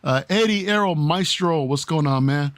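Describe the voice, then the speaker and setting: A man's voice: fairly high pitch, moderate pace, a bit bright. Laid-back man hosting a livestream chat. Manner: greets chat viewers one by one, laid-back. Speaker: podcast host.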